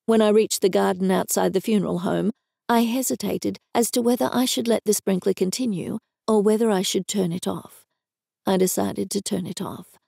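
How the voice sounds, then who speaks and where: An Australian woman narrating a story in first person on a close microphone, in a wry, even manner. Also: medium pitch, moderate pace, creaky, dry recording. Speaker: audiobook narrator.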